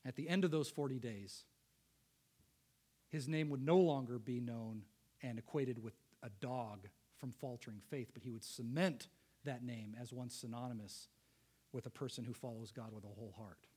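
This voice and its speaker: A man preaching a sermon, emphatic, building to loud peaks and dropping low again. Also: normal speed, breathy edge.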